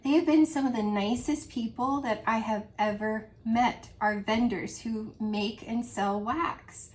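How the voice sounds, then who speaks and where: Earnest rambling woman, slightly high voice. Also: steady tone, unhurried, a little mellow. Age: adult with a grown daughter. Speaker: home fragrance consultant vlogger. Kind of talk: casual heart-to-heart monologue.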